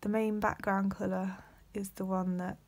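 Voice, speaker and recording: In this beading tutorial, a young woman explains each step in a soft voice, often whispering and filling pauses with ums. Her pitch is medium with little movement, and she goes at a moderate pace.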